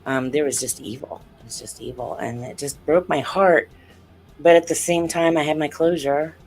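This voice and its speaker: A woman's voice: low-pitched, moderate pace. A woman guest, an author and researcher, telling a personal story in an interview and acting out what was said. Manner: animated, acts out quoted dialogue, earnest.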